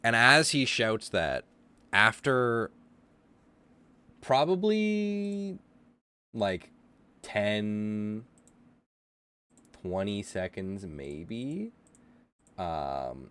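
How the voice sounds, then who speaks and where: A man narrating a tabletop game as its game master. His voice is fairly low but swings widely up and down as he tells the scene. He delivers it with animated energy. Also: drawn-out words, pauses often, clear, resonant tone. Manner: animated narration, shouting lines of characters.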